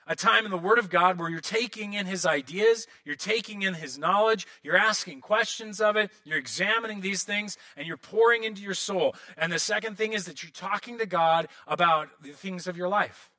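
A man in his thirties preaching a sermon as pastor, animated, often acting out prayers and quotes in other voices. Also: high-pitched, normal speed, few pauses.

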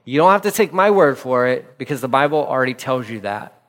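A male pastor preaching with emphatic repetition, slowing to a measured pace for scripture readings. His voice sits at an ordinary middle pitch. The sound carries a long reverb, as in a church sanctuary. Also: lively intonation. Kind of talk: radio sermon.

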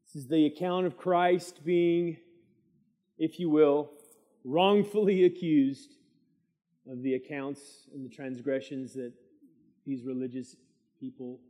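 A middle-aged man teaching a midweek church Bible study, preaching in a lively way and drawing amens from the room. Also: fairly high pitch, slow, long pauses. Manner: lively preaching with call-and-response asides. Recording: long church hall reverb.

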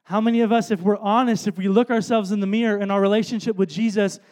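A man with a high, light voice preaches a sermon from the stage. He tells a story in a relaxed way, drops to quiet asides, then builds to loud emphatic points. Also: fast talker. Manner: storytelling, shifts between soft asides and loud emphatic bursts. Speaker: pastor. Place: stage before a congregation.

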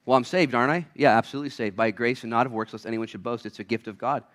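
A man preaching a sermon as a pastor, acting out little voices, swinging between loud shouts and quiet asides. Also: medium pitch, racing.

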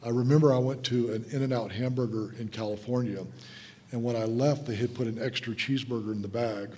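A man's voice: medium pitch, fairly even intonation, fairly quick, mellow, slight background noise. A man in his sixties preaching a sermon, telling an emotional story and calling the listeners guys. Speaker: guest preacher. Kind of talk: sermon testimony. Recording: long hall reverb.

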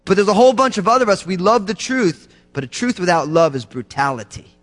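A man preaches with fervor, his notably high voice rising to emphatic peaks and dropping to near-whispers. He sounds like a pastor at the pulpit, and his words ring out with a long reverb, as in a church sanctuary. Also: animated, brisk, faint music behind. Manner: impassioned preaching, swinging from loud emphatic lines to hushed low ones. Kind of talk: sermon.

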